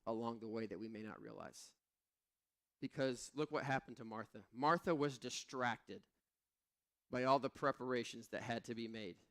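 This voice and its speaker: A man preaching a sermon at a church service, telling stories with animated, self-mocking humor. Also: mid-range voice. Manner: animated, self-deprecating storytelling. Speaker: pastor.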